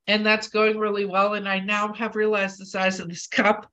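Bright-voiced woman host with a cold. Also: mid-range voice, level tone, moderate pace. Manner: chatty, self-mocking. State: has a cold, husky voice. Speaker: podcast host. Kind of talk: casual chat.

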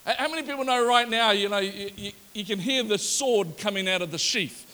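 A male pastor preaching a sermon in a lively storytelling manner and acting out the people in the story. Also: sits high, brisk, long reverb tail. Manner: animated, storytelling, acts out the characters.

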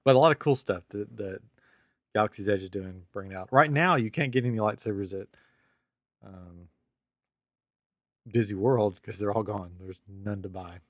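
A man with a slightly low voice chats playfully on a geek podcast, eager and animated about his hobbies. The sound is dry and close, with no room around it. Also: normal speed, long pauses, dry recording. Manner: playful, enthusiastic storyteller. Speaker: podcast co-host. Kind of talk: casual chat.

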